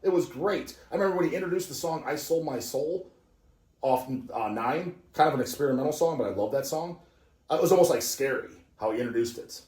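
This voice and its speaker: A man around forty hosting a casual chat, telling stories in a profane, excitable, ranting way. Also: a little high, a little fast. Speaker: podcast host. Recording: roomy echo.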